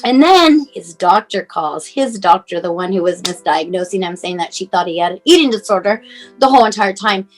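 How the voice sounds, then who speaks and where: A woman's voice: mid-range voice, animated, fairly quick, faint music behind. A woman in her forties, a mother telling her son's story in a rambling, emotional way, full of fillers, acting out what others said to her. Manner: rambling, many fillers, acts out phone calls.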